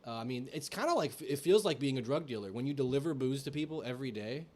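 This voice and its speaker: A man's voice: medium pitch, animated, quick pace, a little mellow. A young man on a podcast, casually telling rambling, profane stories about his old delivery job. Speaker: podcast co-host. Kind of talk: casual storytelling chat.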